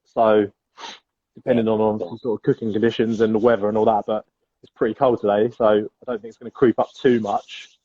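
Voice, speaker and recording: A man's voice: fairly low pitch, flat delivery, fairly quick, warm tone, no echo, dull audio. A man from England co-hosting a live barbecue stream, matey and rambling as he chats about grilling and beer. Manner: matey, rambling, says "mate" a lot. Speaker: co-host of a live barbecue show. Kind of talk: casual live-stream chat.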